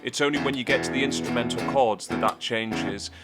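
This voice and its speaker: A man teaching a guitar piece in a relaxed, chatty way, with fillers as he explains and counts beats. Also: mid-range voice, brisk. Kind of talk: casual instructional talk.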